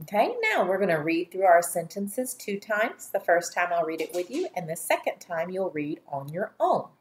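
A woman teacher giving a slow dictation lesson to young children, speaking clearly and deliberately and drawing out each syllable. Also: fairly low pitch, very animated, a little hiss or hum. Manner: clear, deliberate, spells words and stretches syllables.

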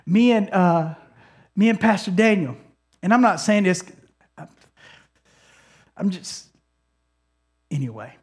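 A man's voice: high voice, expressive, slow, long pauses. A male pastor preaching a sermon in a conversational, storytelling way, often restarting his sentences and calling on the congregation to respond.

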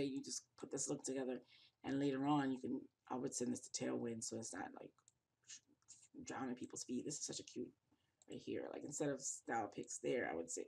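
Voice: mid-range voice, creaky, darkish tone, slight background noise. A fashion blogger walking through a screen tutorial, sounding exhausted and yawning, rambling casually with many restarts. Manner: rambling, thinking aloud with restarts. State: tired, yawning.

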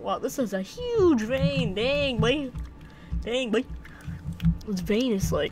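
A woman's voice: fairly high pitch, big pitch swings, slow, pauses often, darkish tone, soft background music. Playful young woman rambling over a game. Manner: rambling, talks to herself, playful silly chants. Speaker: gameplay commentator. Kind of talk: casual let's-play commentary.

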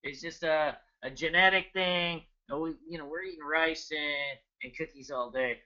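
High, sharp-voiced joking webinar host. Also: male voice, moderate pace, lo-fi sound. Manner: energetic, joking, chatty, greets viewers by name. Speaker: trading educator hosting a webinar. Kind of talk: casual live webinar talk.

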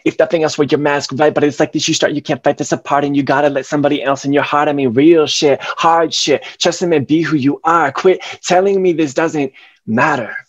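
A man's voice: on the high side, no room sound. A young man presenting over a video call, his voice full of passion and spoken-word rhythm. The audio is dry and close, with a dull, lo-fi edge that comes from the call. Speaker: educator giving a presentation. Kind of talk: presentation with performed slam poetry.

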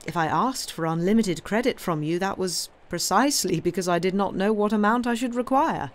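A woman's voice: mid-range voice, brisk, close to an everyday voice. A woman reading aloud, voicing a wealthy nobleman who speaks with cool, polished irony. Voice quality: smooth, coldly ironic. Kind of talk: reading a novel aloud on a livestream.

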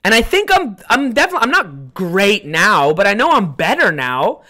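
A man's voice: high-pitched, wildly swooping pitch, normal speed, sharp tone. A young man hosting a podcast, telling a casual, rambling story from home with lots of swearing and self-mocking asides. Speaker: podcast host.

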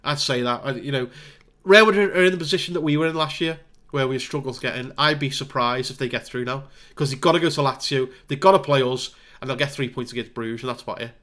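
A man giving casual let's-play commentary on a football management game, chatting through the match with wry asides and bursts of excitement. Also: medium pitch, fast. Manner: wry, self-deprecating asides. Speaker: gaming video creator.

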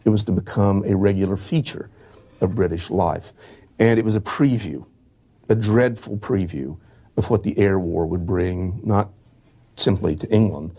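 A man giving a history lecture, reading eyewitness accounts in a measured, halting way with small restarts. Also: deep voice, mellow.

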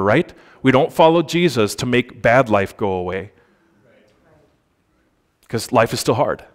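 Conversational man preaching a sermon. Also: medium pitch. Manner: conversational, asks the congregation for responses; reads scripture aloud with slow emphasis. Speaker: pastor. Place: church.

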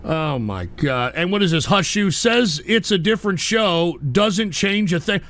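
A man's voice: sits high, lively intonation, measured pace, hardly any pauses, fairly bright tone. A man hosting a live stream, reading chat aloud and ranting at trolls in an exasperated way.

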